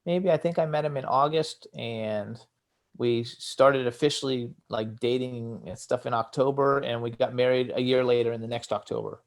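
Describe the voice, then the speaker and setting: A man recalls things in a casual interview, laughing often and rambling with filler words. His voice sits at a middle pitch. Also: fairly even intonation, moderate pace, gravelly. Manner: giggly, rambling, lots of fillers. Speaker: radio show host, interviewee.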